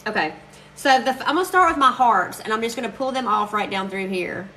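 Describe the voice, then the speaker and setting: A woman's voice: fairly high pitch, animated, pushed and bright, slight background noise, poor audio. A woman chatting casually and gushing to viewers while crafting on a live stream. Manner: chatty, gushing, quick to laugh.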